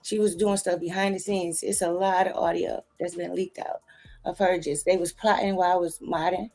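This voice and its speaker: Blunt woman talking, kinda gravelly, quiet music in the back. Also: fairly low pitch, level tone, normal speed. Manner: blunt, emphatic. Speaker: guest, stream moderator. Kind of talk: casual chat.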